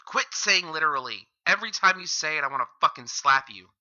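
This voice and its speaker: A man's voice: a little high, expressive, quick pace, sharp tone. A man hosting a reaction commentary, heckling and insulting the video with constant swearing. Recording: dull lo-fi mic.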